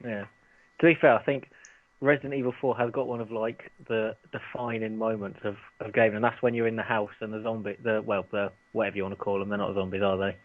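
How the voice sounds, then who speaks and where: A man's voice: lowish voice, level tone, quick pace, dry recording. A man hosting a casual podcast chat, enthusiastic, moving the talk along and reading out listener posts. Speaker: podcast host. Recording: dry tinny phone-like line.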